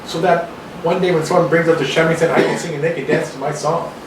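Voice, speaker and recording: A man from Canada giving a casual talk to a small audience in a restaurant, rambling and animated, often acting out other people's voices. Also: fairly high pitch, fast talker. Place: restaurant room. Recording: echoey room, distant mic, background noise.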